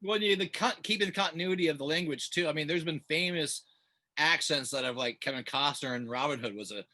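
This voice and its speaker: Bright-voiced, chatty male host. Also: on the high side, fairly quick. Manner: chatty, meandering questions, laughs easily. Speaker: interview host. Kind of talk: casual interview conversation.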